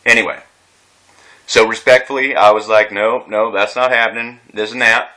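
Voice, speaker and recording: Agitated rambling man, bright voice. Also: lowish voice, fairly even intonation, normal speed. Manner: rambling, agitated, swearing, many restarts. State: distressed. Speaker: veteran telling his story. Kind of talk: unscripted personal vlog.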